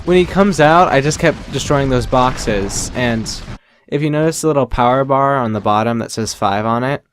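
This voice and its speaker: A man's voice: mid-range voice, moderate pace, slight background noise. Man explaining a game, rambling casually. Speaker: gameplay commentator playing the game. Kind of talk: casual group chat.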